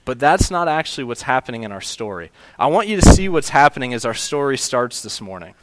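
A man's voice: medium pitch, sing-song, brisk, slight background noise. A male pastor preaching a sermon, telling a story in a conversational way with small restarts.

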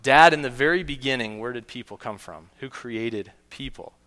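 A man's voice: medium pitch, moderate pace, pushed and bright, big-room sound, lightly acted. A man voicing an eager young girl. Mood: questioning. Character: excited young girl, curious and sure.

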